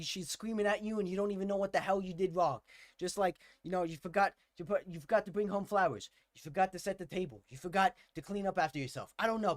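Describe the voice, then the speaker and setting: A man with a fairly high voice hosts a casual album reaction, talking with excited energy and gushing over what he hears. His exclamations tumble out again and again. The sound is dry and close, with no room around it. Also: dry recording. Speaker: music reaction host.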